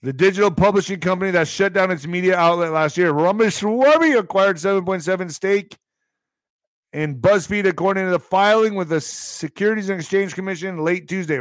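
A man's voice: sits high, fairly quick, no room sound. A man from the Texas border reading news headlines aloud and breaking in with casual, wry comments and the odd Spanish interjection. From US–Mexico border, Texas. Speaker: show host reading and reacting to news.

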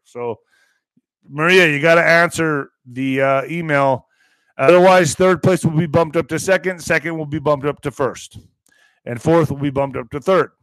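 Brief: mocking male vlogger doing news commentary, high voice, dry close sound. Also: moderate pace, a bit bright, dry recording. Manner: brash, mocking, profane.

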